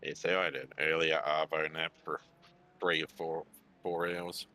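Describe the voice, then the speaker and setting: A man's voice: very deep voice, flat delivery, normal speed, pushed and bright. A man making laid-back, dry quips in casual chat with teammates.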